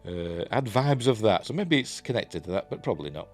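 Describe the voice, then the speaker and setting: A man's voice: on the low side, very animated, brisk, soft background music. A man with a Yorkshire accent giving a rambling, enthusiastic casual review, full of ums and restarts. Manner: rambling, filler-heavy, enthusiastic. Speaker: TV review vlogger.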